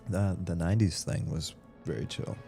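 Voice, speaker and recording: Deep gravelly man streaming with music. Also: normal speed, mellow. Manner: rambling, reads chat aloud, laughs easily. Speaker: game streamer. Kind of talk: casual livestream chat while gaming. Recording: game music playing behind. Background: game music.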